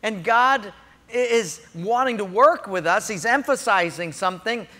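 A man preaches with animated storytelling, acting out the quotes in his story. His voice is high and bright, and a long hall reverb hangs behind it. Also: a little slow. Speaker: pastor. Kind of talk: sermon.

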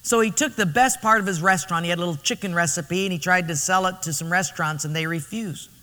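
High, bright-voiced preacher in a church. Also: male voice, fast talker. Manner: storytelling, emphatic and animated. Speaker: pastor. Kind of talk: sermon. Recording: reverberant church hall.

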